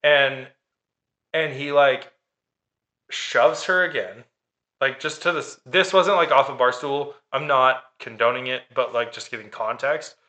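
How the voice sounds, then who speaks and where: Man, bright and forward tone, sarcastic and profane, casual storyteller. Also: medium pitch, measured pace. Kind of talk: casual chat, telling a dating story.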